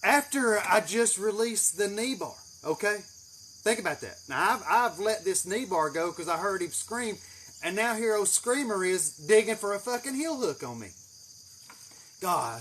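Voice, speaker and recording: A man with a drawl tells a rambling, profane story and throws in swear words freely. His voice sits fairly high for a man. Faint insects chirp behind him in a greenhouse. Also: slight background noise. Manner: profane, animated, swears heavily. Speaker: channel host. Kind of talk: casual storytelling.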